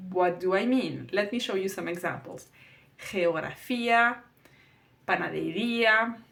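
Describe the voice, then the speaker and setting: Patient woman teaching with frequent pauses. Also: mid-range voice, fairly bright tone. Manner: patient explaining, often pausing with "uh". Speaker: Spanish language teacher. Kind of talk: podcast lesson on exam writing.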